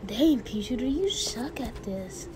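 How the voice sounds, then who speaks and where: A grumpy cactus plant mutters low, mocking insults, put on by a woman. The talk is slow and drawn out. Loud music runs behind the voice. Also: animated.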